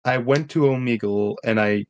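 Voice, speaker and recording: A man with a middle-pitched voice rambles through anecdotes on a casual podcast. He jokes and swears freely, circling back as he talks. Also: moderate pace, highs cut off. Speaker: podcast co-host. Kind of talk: casual chat.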